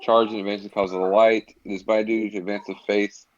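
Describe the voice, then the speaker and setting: A man's voice: fairly low pitch, little pitch movement, fast talker, slight background noise. A man playing in a tabletop game and stating his character's actions, hesitant and thinking aloud. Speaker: player. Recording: dull lo-fi mic.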